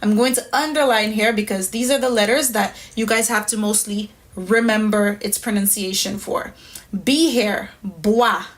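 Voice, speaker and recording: A woman's voice: medium pitch, steady tone, moderate pace. A woman teaching a language lesson, patiently explaining pronunciation step by step. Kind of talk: instructional lesson.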